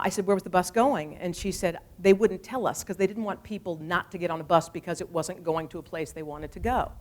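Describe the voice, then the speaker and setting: A woman in her forties giving a talk, telling stories in a lively, animated way and acting out the people she quotes. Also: fairly low pitch. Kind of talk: storytelling speech.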